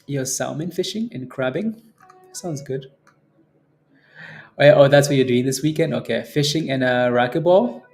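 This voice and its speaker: A man hosting a day-trading livestream, chatting casually with viewers between market remarks, relaxed, with frequent fillers and chuckles. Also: medium pitch, moderate pace, long pauses, soft background music. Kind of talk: casual livestream chat reading viewer comments.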